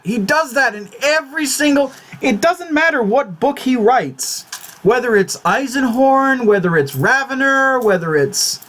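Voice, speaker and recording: Agitated man ranting in a lively voice. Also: very high voice. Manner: swears a lot, repeats and restarts words in agitation; fretful, exclamatory. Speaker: YouTube channel host. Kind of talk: casual vlog talk.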